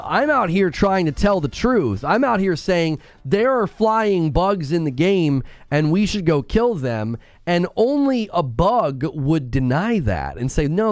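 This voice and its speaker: A man's voice: on the high side, no room sound. A man hosting a casual live game stream, bantering playfully and teasing his chat from a room at home. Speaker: gaming streamer.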